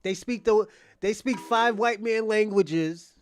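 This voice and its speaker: High-voiced man ranting mockingly. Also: slow. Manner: mocking, provocative, taunting; profane, repetitive, restarts phrases. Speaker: livestream host. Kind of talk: ranting livestream commentary to chat.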